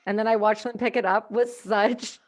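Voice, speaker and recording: A woman from Canada hosting a podcast, telling stories in an animated way and acting out what people said. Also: fairly high pitch, moderate pace. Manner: animated storyteller, acts out quotes, swings loud. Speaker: podcast host. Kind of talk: casual podcast chat.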